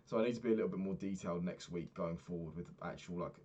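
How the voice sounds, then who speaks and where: A young man, a personal trainer, candidly recapping his week and swearing freely, getting animated when retelling annoyances. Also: low voice, fast, highs cut off. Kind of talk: casual vlog recap.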